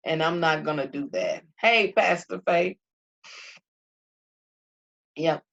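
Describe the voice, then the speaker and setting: Slow and creaky, this woman's low voice still has a bit of brightness to it. A middle-aged faith vlogger, she gives her audience a passionate, heartfelt message, repeating lines with a sermon-like rhythm over a dull, lo-fi recording.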